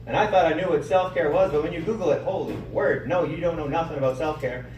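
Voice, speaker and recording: A man's voice: fairly high pitch, quick pace, a little mellow, highs cut off, slight background noise. A man performing a stand-up comedy set, telling stories animatedly and acting out what his friends said. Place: comedy club stage. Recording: echoey room mic'd from a distance.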